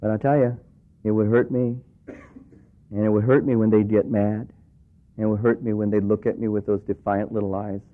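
A man's voice: on the low side, flat delivery, fairly quick, pauses often. A middle-aged male pastor preaching a sermon in a conversational way, acting out the voices of the people he quotes. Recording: tinny phone-like radio broadcast.

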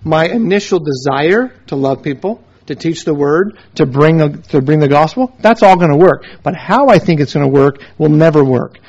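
A somewhat high-voiced man teaches like a preacher, stacking short emphatic phrases one after another and weaving in stories. The recording is dull and lo-fi. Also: lively intonation, moderate pace, hardly any pauses, darkish tone, husky. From United States. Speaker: missionary teacher. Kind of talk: sermon-style teaching with stories.

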